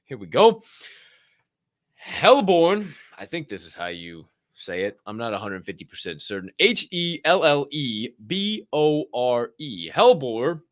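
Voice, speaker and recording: A man's voice: medium pitch, very animated, moderate pace, hardly any pauses, fairly bright tone, no echo, studio quality. A man hosting a podcast, giving casual news commentary in a joking, profane way, reading items aloud with asides. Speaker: podcast host.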